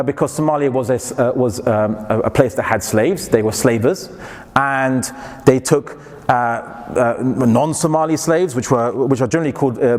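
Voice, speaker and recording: A man giving a university lecture, lively and digressive, full of restarts and jokey asides. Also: medium pitch, long reverb tail. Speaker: guest lecturer.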